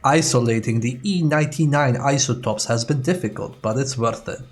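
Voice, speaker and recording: A man's voice: mid-range voice, moderate pace, natural voice. A man doing a put-on Russian accent, voicing a Soviet male lab scientist who reads his notes aloud in a hammy, theatrical way. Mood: grandiose.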